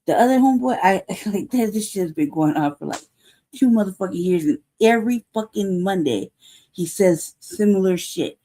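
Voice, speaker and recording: Profane, heated woman with a dark voice. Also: mid-range voice, expressive, normal speed, a little hiss or hum. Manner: rhetorical questions, repeats herself. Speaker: news show host. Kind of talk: casual livestream commentary.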